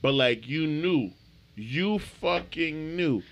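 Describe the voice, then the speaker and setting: A man co-hosting a podcast, telling stories in a lively, profane casual chat. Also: a little high, takes it slowly, slight background noise. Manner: animated storyteller, swears freely. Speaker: podcast co-host.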